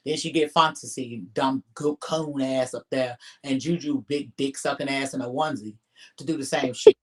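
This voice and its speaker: A man's voice: medium pitch, steady tone, normal speed. A man co-hosting a casual live stream, talking bluntly and emphatically with heavy profanity.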